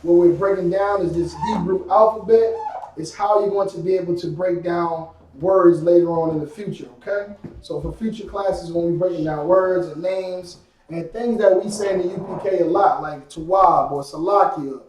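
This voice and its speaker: A man's voice: high voice, moderate pace, darkish tone. A man teaching a live-streamed class, casual and repetitive, with many fillers. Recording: echoey room from far off.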